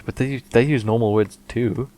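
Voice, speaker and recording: A man's voice: mid-range voice, steady tone, normal speed, dark tone. A man co-hosting a podcast, teasing the others and jumping in with tangents. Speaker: podcast co-host. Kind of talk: casual banter.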